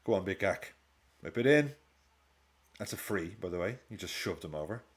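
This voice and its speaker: Male streamer in his 30s, low register with very animated pitch, casual and reactive, curses freely. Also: moderate pace. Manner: reactive, swears freely, jumps between match commentary and films. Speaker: streamer watching a football match live. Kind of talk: casual watch-along chat.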